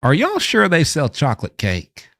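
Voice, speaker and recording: A man's voice: a little high, wildly swooping pitch, moderate pace, fairly bright tone, no room sound, clean studio sound. A man chatting casually and playfully with his live-stream audience. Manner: playful, joking banter with chat. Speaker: livestreamer.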